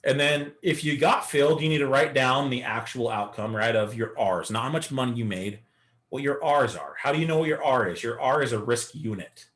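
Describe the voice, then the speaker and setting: A man's voice: mid-range voice, a little fast, a bit bright. A man teaching a live beginner day-trading lesson, coaching and talking through chart examples. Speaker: trading instructor.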